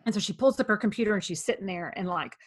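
A woman's voice: mid-range voice, very fast, slightly rough. A woman hosting a podcast, telling a story in casual chat and acting out what everyone said. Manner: animated, acting out quoted dialogue. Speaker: podcast host.

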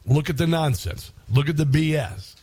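A man's voice: on the high side, animated, moderate pace, warm tone, husky, no echo. A man hosting a talk radio show, delivering a combative, sarcastic monologue.

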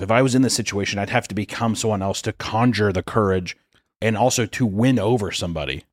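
A man's voice: fairly low pitch, fairly quick, dry recording, studio quality. A young man co-hosting a comedy podcast, riffing jokily and dropping into silly put-on voices. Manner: jokey, riffs and slips into put-on voices. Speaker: podcast co-host. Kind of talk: casual comedic banter.

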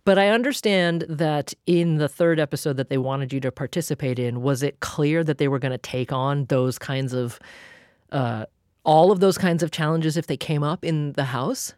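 A woman's voice: low voice, normal speed, a little mellow, no echo, studio quality. A woman hosting a public radio talk show, who asks probing questions and gives brief affirmations. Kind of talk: radio interview.

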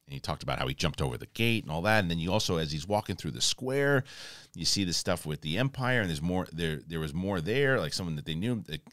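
Male host, very low voice, dry close mic; casual and animated, acts out quotes, stumbles and restarts. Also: quick pace, no room sound. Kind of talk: casual review recap.

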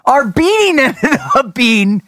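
Excitable male podcast host, dry sound. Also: extremely high pitch, takes it slowly, dry recording. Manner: excitable, animated storyteller. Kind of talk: casual chat and storytelling.

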